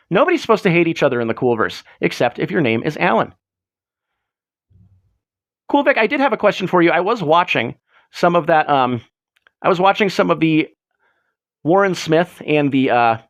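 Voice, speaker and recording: High, lively man ranting on a stream. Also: dry recording, clean studio sound. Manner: rambling, profane, mock-ranting. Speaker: livestream host. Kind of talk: casual livestream chat.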